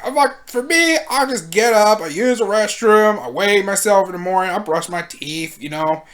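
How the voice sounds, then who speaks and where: A host giving casual video commentary in a slangy, animated way, laughing often. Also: medium pitch, moderate pace.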